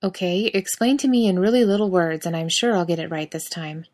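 A woman's voice: fairly low pitch, a little fast, darkish tone, close to an everyday voice. A woman voicing a worn-out young male barista with strained, forced politeness. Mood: strained polite.

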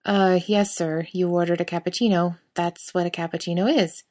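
Exhausted young barista guy, read by a woman, polite through gritted teeth, lowish voice. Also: steady tone, moderate pace, a little mellow, close to an everyday voice. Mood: strained polite. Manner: strained politeness. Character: tired, weary young male barista.

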